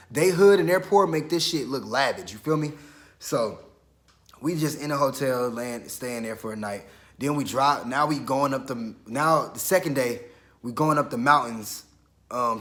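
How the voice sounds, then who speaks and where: A young man from Georgia telling a story in a casual, slangy, profane way, quoting himself as he goes. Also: mid-range voice. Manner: animated, quick retelling with self-quotes. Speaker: vlogger.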